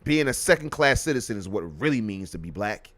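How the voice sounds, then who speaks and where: A man hosting a live podcast, delivering a heated, profane, repetitive rant that swings from loud outbursts to low muttering. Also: lively intonation, quick pace, no room sound. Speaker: podcast host.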